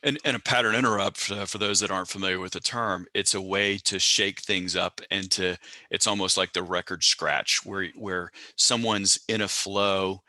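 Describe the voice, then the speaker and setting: Deep, forceful male sales trainer, measured, dry close audio. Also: fairly even intonation, dry recording. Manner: measured, repeats words at the start of sentences. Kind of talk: webinar teaching.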